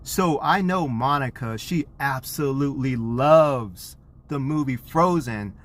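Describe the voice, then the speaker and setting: A man's voice: mid-range voice, slow pace. Earnest man retelling a hard day. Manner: earnest, animated retelling with acted quotes; self-described introvert. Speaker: parent telling a story. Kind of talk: personal storytelling to camera.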